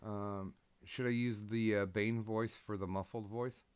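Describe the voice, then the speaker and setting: A man's voice: lowish voice, fairly even intonation, unhurried, clear, resonant tone. A man hosting a casual live stream, hesitant with lots of ums, swearing bluntly now and then. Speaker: streamer host.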